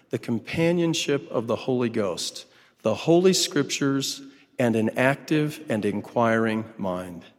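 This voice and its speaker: A man delivering a sermon in a measured, emphatic way, lingering over lists and key phrases. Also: mid-range voice. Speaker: church speaker. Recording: long hall reverb.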